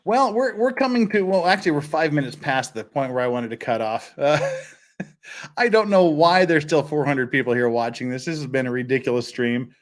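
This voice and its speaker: A man hosts a casual livestream chat from a home setup. His voice sits a little high and swings widely in pitch. He laughs often as he tells stories. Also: normal speed. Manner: laughing, animated storyteller. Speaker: livestream host.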